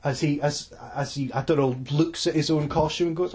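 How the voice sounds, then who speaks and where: Un uomo con scozzese, co-conduttore di un podcast, racconta con foga in una chiacchierata informale, pieno di parolacce e frasi ripetute, registrato al telefono. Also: male voice, fairly high pitch, fairly quick, a crowd in the background. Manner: animated storytelling, sweary, many restarts. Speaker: podcast co-host. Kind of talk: casual chat. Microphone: phone line.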